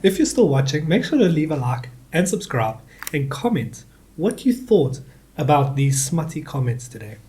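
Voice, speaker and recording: A man's voice: a little high, very animated, normal speed, warm tone, slight background noise. A man co-hosting a casual podcast, teasing and prompting the others. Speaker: podcast co-host. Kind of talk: casual chat.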